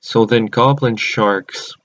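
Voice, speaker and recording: A man's voice: medium pitch, slow, fairly bright tone. A man casually recapping a cartoon episode at home, rambling with many restarts and self-corrections. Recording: dull lo-fi recording.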